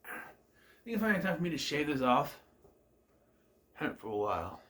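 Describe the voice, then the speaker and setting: A man's voice: fairly high pitch, very animated, normal speed, fairly bright tone. A man casually recapping and reviewing a TV episode, musing aloud, questioning the plot and often trailing off with "I don't know.". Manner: laughs at the scenes.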